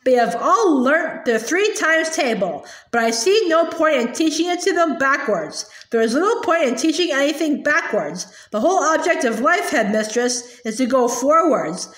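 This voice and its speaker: Woman reading as a gentle young schoolteacher. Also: high-pitched, expressive, normal speed, hardly any pauses. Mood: calm. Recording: echoey room.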